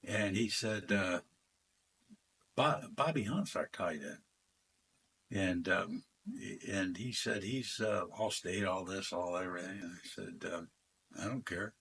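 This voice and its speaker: A man's voice: low-pitched, slow pace, vocal fry, fairly bright tone, slightly rough. An older man, a former football player, telling rambling stories in a casual interview and acting out the voices of the people in them. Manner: rambling anecdotes, acts out quoted dialogue, frequent fillers.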